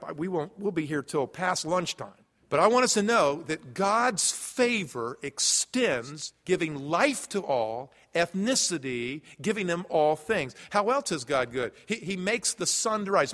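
A man pastor preaching a sermon, earnest, stumbling into quick restarts as he tells a story. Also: high voice, sharp tone. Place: large church sanctuary. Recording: long hall reverb.

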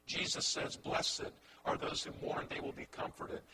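A man preaching a sermon as pastor, impassioned, swinging from hushed lines to loud ones and repeating words as he builds a point. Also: normal speed, very noisy.

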